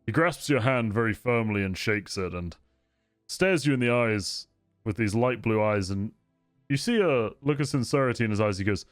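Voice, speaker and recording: A man running a tabletop game, narrating scenes with a lively, swooping voice. His storytelling is descriptive and expressive, recorded close and dry with no room sound. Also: fairly low pitch, moderate pace, no echo, faint music behind. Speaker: game master.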